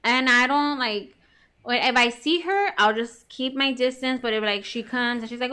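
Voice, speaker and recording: Chatty woman, bright voice. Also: fairly high pitch, normal speed, clear, resonant tone. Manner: chatty, says "like" constantly, swears, acts out quoted lines. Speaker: podcast co-host. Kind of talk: casual storytelling chat.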